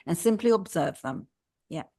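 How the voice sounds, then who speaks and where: Gentle coaching woman, lower voice. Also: expressive, moderate pace, husky. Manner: gentle, coaching, checks in with "right?" and "yeah?". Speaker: podcast co-host. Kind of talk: casual chat.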